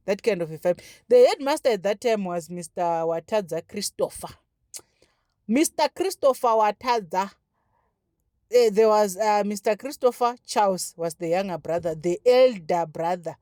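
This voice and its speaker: A woman, telling a story from her childhood in a casual, animated way with lots of fillers and repeated words. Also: mid-range voice, unhurried, dry recording, studio quality. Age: 30s. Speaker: vlogger. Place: home, braiding her daughter's hair.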